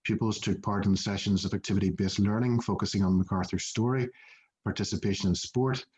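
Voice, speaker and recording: A man gives a prepared conference presentation in a fairly low voice, telling a story from his notes. He talks steadily and drops in plenty of "uh" fillers. The recording sounds dull and lo-fi. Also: steady tone, fairly quick, a little mellow. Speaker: museum manager presenting at a heritage conference.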